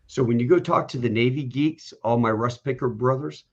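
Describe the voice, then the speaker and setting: A man hosting a podcast, telling stories in a casual, animated way and acting out the people he quotes. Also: mid-range voice, fairly quick, dull audio. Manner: animated, folksy, acts out quoted voices. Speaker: podcast host. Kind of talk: casual storytelling chat.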